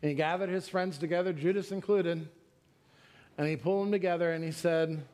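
A man's voice: steady tone, a little fast, a little mellow. A middle-aged man preaching a sermon as pastor, telling a story and acting out the quotes in it. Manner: storytelling, acts out quotes with raised pitch.

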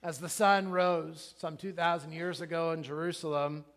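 Middle-aged male pastor, slightly high voice, animated conversational sermon storytelling. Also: moderate pace.

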